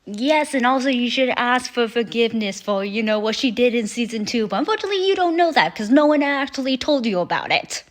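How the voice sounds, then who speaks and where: A woman hosting a reaction video in casual, chatty commentary, swearing freely and quoting characters in quick asides. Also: fairly high pitch, expressive.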